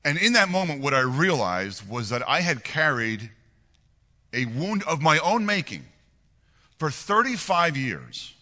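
A pastor in his forties preaches earnestly, telling a personal story while often stumbling and repeating words. His slightly high, very bright and ringing voice swings widely in a sing-song, unhurried way, and a long hall reverb surrounds it.

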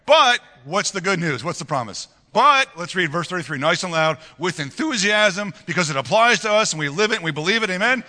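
A man preaching a sermon as pastor of a church, with a loose manner. His delivery is animated and conversational, with frequent chuckles and repeated words. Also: sits high, brisk, few pauses. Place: church sanctuary. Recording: long reverb of a church hall.

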